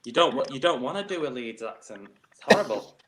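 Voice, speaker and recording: A man's voice: mid-range voice, sing-song, quick pace, a bit bright. A man with a Manchester accent, a guest in casual chat, self-deprecating and giggly. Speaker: guest, drag queen.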